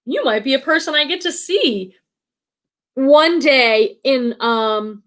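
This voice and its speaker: Brief: bright high-pitched woman, middle-aged, chatty livestream host who laughs easily and rambles with fillers. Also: animated, takes it slowly. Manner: chatty, warm-hearted, laughs often, many fillers. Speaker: livestream host of a reselling channel. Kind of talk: casual live-stream chat reading comments.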